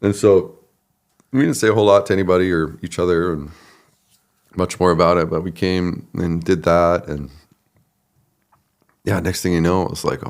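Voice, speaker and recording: A man's voice: deep voice, moderate pace, long pauses. A man, an associate pastor, telling his story, laughing often and acting out what others said. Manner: relaxed, laughs often, acts out quoted people. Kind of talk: conversational storytelling.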